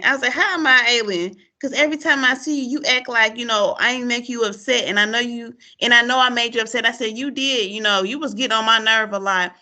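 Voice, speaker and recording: A woman, hosting a casual chat and acting out her students' lines as she tells stories, laughing often. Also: fairly high pitch. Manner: animated storyteller, acts out quotes, laughs often. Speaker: podcast host, former teacher.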